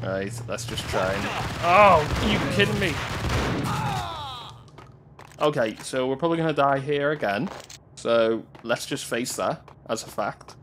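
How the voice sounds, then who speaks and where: Excitable gamer over gunfire. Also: male voice, mid-range voice, measured pace, long pauses, noisy background. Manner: excitable, swearing, yelps and laughs at the action. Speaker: gameplay commentator. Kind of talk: let's-play commentary. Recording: game gunfire loud in the mix.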